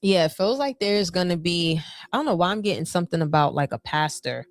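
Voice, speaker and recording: A woman with a slightly low voice reads tarot cards for her viewers in a loose, chatty way. She wanders through fillers and restarts, then jumps up in excitement. The sound is dry and close. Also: brisk, no room sound. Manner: chatty, hesitant with many fillers, bursts of excitement. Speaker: tarot reader. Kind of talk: casual tarot reading to viewers.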